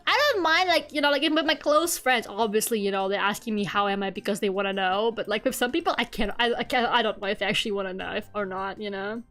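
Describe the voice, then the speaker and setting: A woman's voice: mid-range voice, fast, few pauses, a bit bright. A young woman streaming from home, chatting casually with her viewers and laughing at herself often. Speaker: VTuber streamer.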